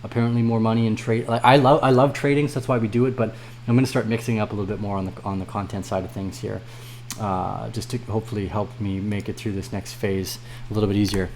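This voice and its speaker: A man hosting a crypto trading livestream, chatting casually with viewers, swearing freely and swinging from low mumbles to loud rants. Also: flat delivery, fast, a little hiss or hum.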